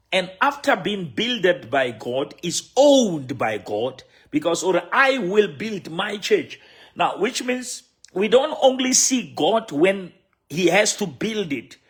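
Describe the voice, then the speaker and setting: A man's voice: sits high, husky. A man with a Sesotho accent preaching a sermon as a bishop, repeating key phrases with emphasis.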